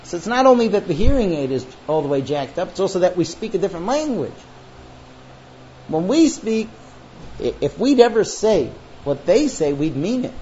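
A high-pitched man speaks at a moderate pace, with a slight hiss or hum in the background. He's teaching a class on marriage, animatedly telling stories and acting out the voices of husbands and wives. The recording sounds dull and lo-fi, with faint ambience.

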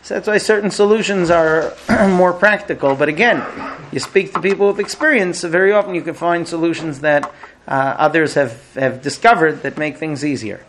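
Male teacher, slightly high voice, casual and hesitant storytelling. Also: a bit bright, a little hiss or hum. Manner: conversational, hesitant, many filler pauses. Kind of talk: storytelling lecture.

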